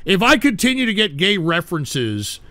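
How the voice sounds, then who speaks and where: A man's voice: sits high, very animated, moderate pace, fairly bright tone. A man hosting a call-in show, ranting at callers with profane, insulting mockery. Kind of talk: abrasive call-in radio rant.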